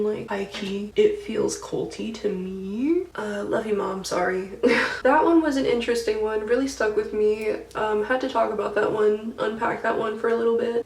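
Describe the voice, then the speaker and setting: A woman's voice: a little high, vocal fry, darkish tone, far from the mic, a little hiss or hum. A young woman vlogger chatting casually about her dreams while doing her makeup, full of "like" and slang. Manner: chatty, heavy use of "like", slangy. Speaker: beauty vlogger. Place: indoors at home, getting ready. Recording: echoey room, voice somewhat off-mic.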